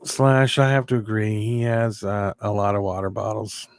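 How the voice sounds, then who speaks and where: Middle-aged male streamer, lowish voice, loose rambling chat with viewers. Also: moderate pace, clear, resonant tone. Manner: rambling, chatty, reads viewer comments. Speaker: live stream host. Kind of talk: casual live stream chat.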